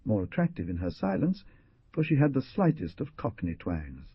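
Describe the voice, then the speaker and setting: A man narrating an audiobook in a dramatic style, with a husky voice and lively delivery of the characters' lines. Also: mid-range voice, moderate pace, no echo. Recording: dull, muffled studio recording.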